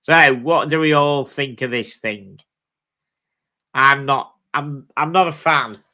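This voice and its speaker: A man's voice: medium pitch, takes it slowly, pushed and bright. A British man hosting a live stream, chatting casually with viewers in a blunt, sweary way. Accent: British English. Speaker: livestream host. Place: home streaming setup.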